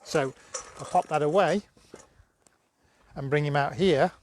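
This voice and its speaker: Man, dog trainer, higher voice, dry close sound, chatty teaching on a stream. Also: a little slow, darkish tone, dry recording. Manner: chatty, coaxing, bursts of high praise to the dog. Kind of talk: live-streamed training demo.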